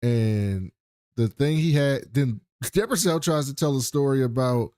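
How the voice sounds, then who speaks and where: An animated man recaps a show with his co-host, swearing freely and slipping into voices for the characters he quotes. His voice sits at an everyday middle pitch. The recording is dry and close. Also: normal speed, clear, resonant tone, no echo. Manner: animated, profane, acts out quotes in funny voices. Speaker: podcast co-host. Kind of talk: casual recap chat.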